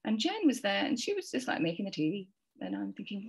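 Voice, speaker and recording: A woman's voice: mid-range voice, very animated, fairly quick, vocal fry, slightly rough. A woman in her forties telling a rambling, heartfelt parenting story in a casual conversation, often repeating words and quoting herself and others. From England. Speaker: podcast guest sharing a parenting story.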